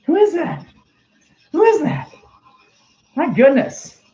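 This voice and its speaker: A man's voice: high voice, lively intonation, moderate pace. Morty, a man doing a stammering jittery teen boy. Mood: scared. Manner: stammering, repeating "oh geez" and "oh boy". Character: nervous stammering fifteen-year-old boy Morty. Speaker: livestream host. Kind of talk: live-stream character chat. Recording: echoey room, dull lo-fi sound.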